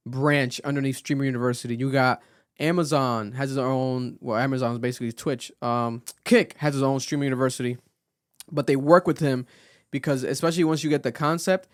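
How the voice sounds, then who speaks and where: Podcast co-host, male, mid-pitch, chatty and animated, repeats and restarts a lot, dry close mic. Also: a little fast, dry recording. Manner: animated, rambling with many restarts and fillers. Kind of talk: casual podcast chat.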